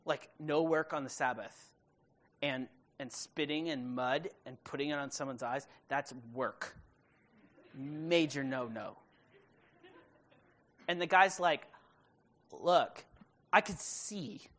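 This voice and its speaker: A woman preaching a sermon, retelling a story in a casual, conversational way with quick asides to the listeners. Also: extremely low pitch.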